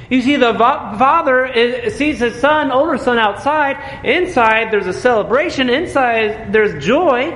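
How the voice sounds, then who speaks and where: A man's voice: very high-pitched, lively intonation, a little slow, fairly bright tone, a little hiss or hum. A man preaching a sermon in an earnest, emphatic way, often asking the congregation questions. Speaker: pastor. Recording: echoey hall with faint ambience.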